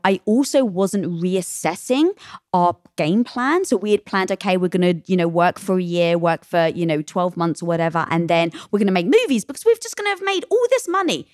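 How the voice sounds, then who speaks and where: A middle-aged woman talking candidly as a podcast guest, emphatic and animated, often acting out quoted voices. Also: fairly low pitch, fairly quick, no echo, clean studio sound. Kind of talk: candid interview talk.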